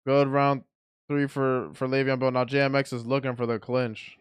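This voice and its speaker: A man giving blunt, excitable play-by-play commentary on a boxing match as he watches it live. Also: medium pitch, moderate pace, smooth.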